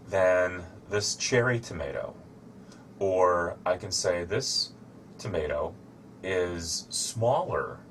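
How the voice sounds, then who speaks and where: A man giving a slow, deliberate English grammar lesson, showing objects as he explains. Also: sits low, fairly bright tone, a little hiss or hum. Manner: shows objects to camera while explaining. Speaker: English teacher.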